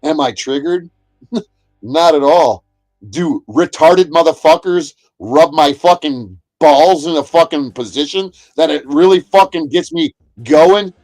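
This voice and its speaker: Angry high-voiced man ranting, very dry sound. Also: measured pace, dry recording, faint music behind. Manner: profane, aggressive, shouts at chatters. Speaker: livestreamer. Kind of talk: angry livestream rant. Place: inside a motorhome.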